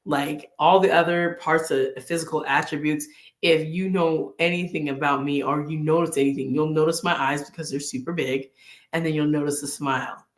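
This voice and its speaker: A woman's voice: deep voice, steady tone, moderate pace, roomy sound. A woman hosting a casual vlog, sharing faith and personal stories in an earnest way and acting out bits of inner dialogue. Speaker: vlog host.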